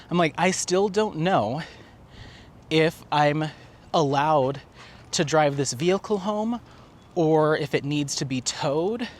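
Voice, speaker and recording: A man with a slightly high voice tells a story in a chatty, animated way, laughing now and then as he walks outside. Faint traffic and street noise sit behind him, picked up by a handheld camera. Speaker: vlogger. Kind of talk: casual storytelling while walking. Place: outdoors on a city street.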